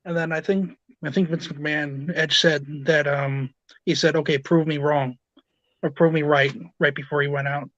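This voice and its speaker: Guest guy on a podcast, bit high voice, dull muffled dry sound like a remote call. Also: steady tone, moderate pace, fairly bright tone, no echo. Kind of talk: casual review chat.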